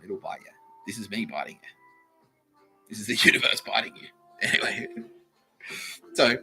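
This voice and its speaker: A young Australian podcast host tells a profane comedic story, acting out its characters and laughing often as he goes. His medium-pitched voice sounds pushed and bright.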